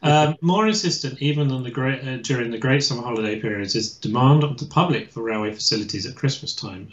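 Hesitant male historian on an echoey call. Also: mid-range voice. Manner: hesitant, many restarts and fillers. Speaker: guest historian. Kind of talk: casual expert explanation. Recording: echoey and dull lo-fi.

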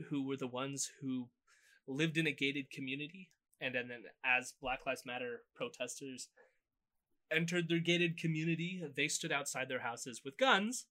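Bright-voiced man on a podcast. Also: on the high side. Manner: loose and sardonic, recapping clips. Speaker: podcast co-host. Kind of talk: casual political commentary chat.

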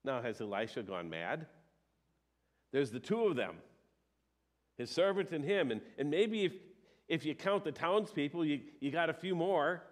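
A man's voice: fairly high pitch, very animated, normal speed, pauses often. A male pastor giving a sermon. He talks in a conversational way, with emphatic rises and some hesitations.

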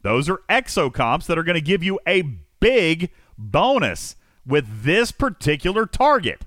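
A man hosting a gaming chat show talks with a bright, forceful edge and a lively, swooping pitch. He rambles and teases his co-hosts. The sound is dry and close. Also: unhurried, dry recording. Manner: animated, teasing, rambling. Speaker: podcast host.

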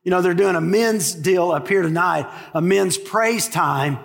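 A pastor preaching a sermon in a church, animated and full of rhetorical questions. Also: male voice, sits high, unhurried, vocal fry. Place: church sanctuary. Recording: long hall reverb.

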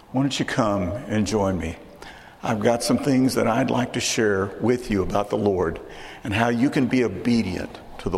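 A man with a Texan accent delivers a sermon in a relaxed, conversational manner, doubling back on his words as he goes. His voice sits at an ordinary pitch. A long reverb trails behind him, with faint noise underneath. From Texas. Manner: conversational, repeats words and restarts. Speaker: preacher.

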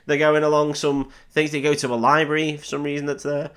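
A man's voice: fairly high pitch, monotone, a little fast, a bit bright, clear, resonant tone. A man hosting a podcast, casually recapping a film with swearing, jokes and mocking voices for the characters. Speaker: podcast host.

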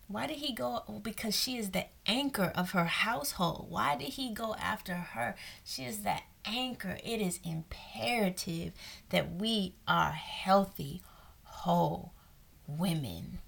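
A young woman coach with a lowish, creaky voice gives an earnest, faith-based talk aimed at women. She repeats phrases and drops into whispers to emphasize points.

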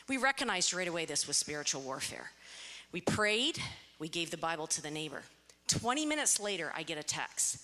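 Woman, church member, storytelling testimony; bright tone, hall echo. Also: medium pitch, animated, brisk. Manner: storytelling, acts out quoted dialogue. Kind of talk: personal testimony. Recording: echoey hall.

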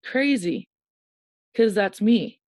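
A woman's voice: mid-range voice, slow, no room sound. Candid woman telling an emotional story. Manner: animated storyteller who acts out quoted dialogue. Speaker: guest. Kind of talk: personal storytelling in a podcast interview.

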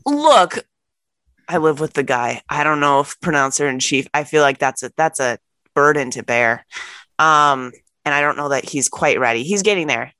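A woman's voice: sits low, normal speed, no echo. A woman co-hosting a podcast, pushing back skeptically with frequent laughter in casual banter. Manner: lively, laughing, skeptical pushback. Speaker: podcast co-host.

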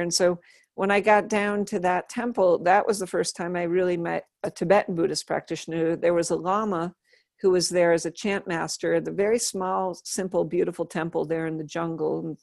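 A middle-aged woman with a fairly low voice recalls her life in an unhurried, earnest way. She often restarts a thought mid-sentence. The sound is close and dry. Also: fairly even intonation, creaky, a little mellow, no echo. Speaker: interviewee. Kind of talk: reflective personal storytelling.

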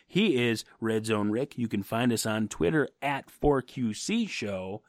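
A man's voice: mid-range voice, expressive, unhurried, few pauses, dry recording, studio quality. A man co-hosting a football podcast, ranting his opinions in a brash and profane way. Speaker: podcast co-host. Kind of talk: casual sports podcast rant.

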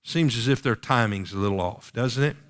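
A man's voice: medium pitch, fairly quick. A man preaching a sermon, reading King James scripture aloud and pressing the congregation with rhetorical questions.

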